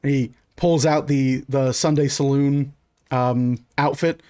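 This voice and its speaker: A man's voice: medium pitch, fairly even intonation, slow, a little mellow, clear, resonant tone. A man narrating as game master in a loose, rambling way full of fillers.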